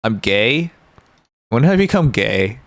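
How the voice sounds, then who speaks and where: A man's voice: medium pitch, big pitch swings, a little slow, no room sound. A man streaming live, chatting casually and joking with his viewers in a rambling way. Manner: rambling, joking, talks to chat.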